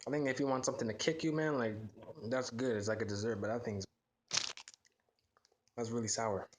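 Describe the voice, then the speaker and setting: A man's voice: medium pitch, fairly quick, noisy background. A man casually taste-testing desserts for his vlog, reacting with lots of exclamations and fillers. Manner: relaxed, filler-heavy reactions with frequent exclamations. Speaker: food vlogger.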